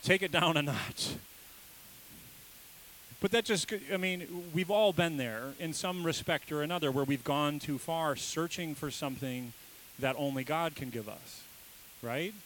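A man's voice: fairly high pitch, moderate pace, a bit bright, slight background noise, poor audio. A man, a father, preaching a sermon in a casual, joking, conversational way. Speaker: pastor.

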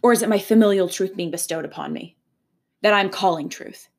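A young woman from Canada hosting her own spiritual podcast, speaking in an earnest, animated way with casual swearing. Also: mid-range voice, a little fast, vocal fry. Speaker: podcast host. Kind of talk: spiritual motivational podcast monologue.

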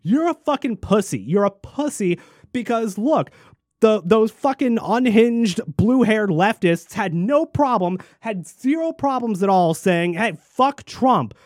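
A man in a furious, profanity-laden political rant, heaping scorn on his targets. His voice sits a little high. The sound is dry and close, with no room around it. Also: animated, measured pace, a little mellow, no echo. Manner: angry, profane, mocking mimicry. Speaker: commentator. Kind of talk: ranting political commentary.

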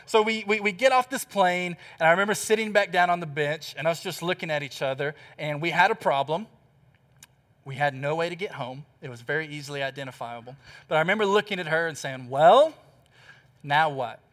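A man preaching a sermon, telling a story with animated, emphatic repetition. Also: fairly high pitch, fast talker. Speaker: pastor.

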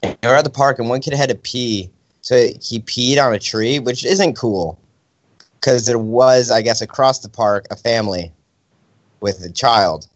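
A young man casually chatting as a podcast co-host, telling an animated story and acting out the people in it. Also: medium pitch, unhurried, dry recording. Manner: animated storyteller, acts out quotes. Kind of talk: casual chat. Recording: dry, slightly dull sound.

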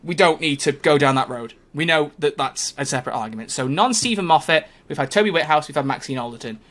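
A man's voice: on the high side, lively intonation, fast talker, a bit bright. A man co-hosting a fan podcast, chatting in an opinionated, jokey way. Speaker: podcast co-host. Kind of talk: casual chat.

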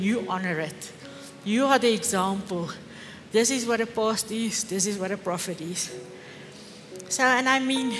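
A middle-aged woman pastor with an Afrikaans accent preaches a sermon in a fairly high voice, fervent and full of rhetorical questions. Her voice rings through an echoey church hall, with faint music underneath. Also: fairly bright tone.

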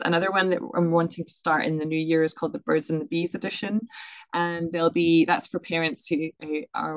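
Young female educator, casual interview guest, quick filler-heavy delivery, dry room. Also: low voice, no room sound, low-quality recording. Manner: chatty, quick, many fillers and laughs.

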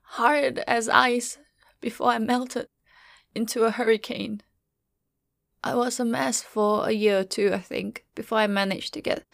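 Quiet, measured woman telling a story. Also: a little high, gravelly, dry recording, clean studio sound. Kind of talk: first-person story narration.

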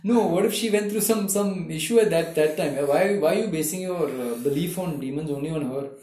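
A man in casual podcast talk who questions everything bluntly and repeats his point until it lands. His voice is mellow and a touch high. The room around him sounds echoey. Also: fairly quick. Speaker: podcast co-host. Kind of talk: casual chat.

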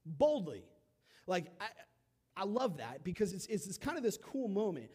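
A young man delivers a relaxed, conversational sermon, slipping into characters as he tells the story. His voice sits a touch high for a man and leaps from hushed asides to loud, excited bursts. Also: moderate pace, breathy edge. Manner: animated, acts out quotes with shifting loudness.

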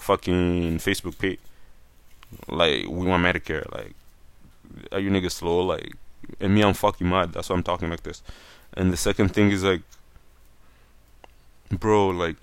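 A man's voice: deep voice, steady tone, moderate pace, long pauses, smooth, no echo. A young man from Canada talking in a casual opinion rant, blunt and profane, full of "like" and "fam".

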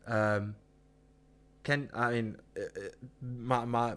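A man's voice: medium pitch, little pitch movement, slow, a bit bright. A man, hosting a casual livestream, ranting with swearing and lots of filler words. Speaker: livestream host.

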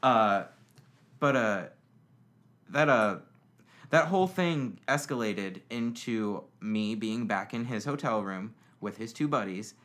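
A man's voice: lowish voice, animated, takes it slowly, a bit bright. A young man telling stories on a podcast as a guest, rambling, swearing, with lots of fillers. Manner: rambling, profane, many fillers. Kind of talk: casual storytelling chat.

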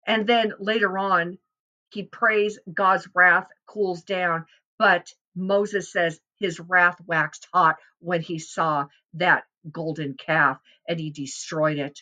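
A middle-aged woman gives an earnest devotional Bible teaching in a bright, clear voice. She talks fervently, and her voice climbs with feeling whenever she voices a prayer. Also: fairly low pitch, fairly even intonation, slow pace, highs cut off. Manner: earnest, fervent, rising and swelling on quoted prayers.

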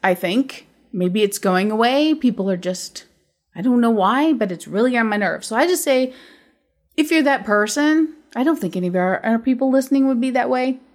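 A woman's voice: fairly high pitch, animated, moderate pace. Woman ranting bluntly on a podcast. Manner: blunt, profane ranting storyteller. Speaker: podcast host. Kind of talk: casual chat.

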